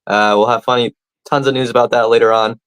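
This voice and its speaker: A man co-hosting a comedy podcast, giving his thoughts in a relaxed, casual way full of uhs. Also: mid-range voice, fast, clean tone, dry recording. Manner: relaxed, filler-heavy, with many uhs. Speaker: podcast co-host. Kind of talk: casual chat.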